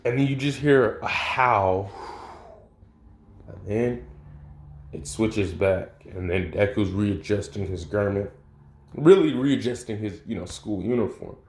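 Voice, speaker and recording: A man's voice: lowish voice, expressive, measured pace, warm tone. A man casually improvising a fan story, rambling with slang and swearing. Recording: echoey room.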